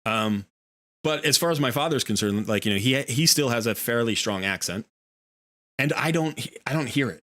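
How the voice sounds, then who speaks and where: A middle-aged American man chatting casually on a live game stream. His voice is bright and forward, sitting at an ordinary pitch. He rambles, restarts sentences and leans on fillers as he goes. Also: expressive, normal speed. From United States. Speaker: streamer and host. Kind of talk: casual chat while gaming.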